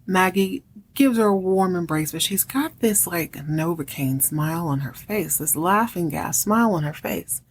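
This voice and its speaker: A woman's voice: fairly low pitch, expressive, slight background noise. A woman in her thirties hosting a podcast, recapping a TV series in casual chat, wry and chatty. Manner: chatty and wry, acts out characters' lines in quick voices.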